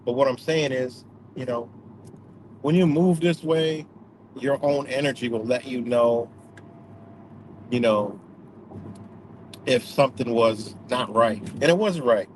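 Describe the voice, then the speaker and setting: A man's voice: medium pitch, measured pace, long pauses, noisy background. A man talking casually in a rambling way, full of fillers, restarts and swearing. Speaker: vlogger. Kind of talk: casual spoken reflection.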